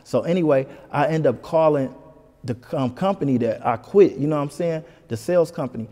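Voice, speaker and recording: A man from Michigan, a comedian guest, telling a story in an animated, casual way in an interview. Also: a little high, fairly quick, in a large hall. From Detroit, Michigan. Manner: animated, keeps saying "you know what I'm saying".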